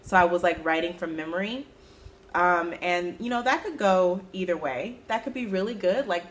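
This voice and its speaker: A woman hosting her own knitting podcast, chatting casually about her projects and breaking into sudden high-pitched exclamations. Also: animated, normal speed, fairly bright tone. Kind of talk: casual chat.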